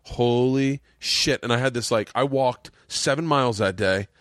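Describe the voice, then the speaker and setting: A man's voice: medium pitch, fairly quick, a bit bright, no room sound, studio quality. A man hosting a podcast in a home man cave, telling rambling, profane stand-up stories in casual chat and acting out what people said. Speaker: podcast host and stand-up comedian.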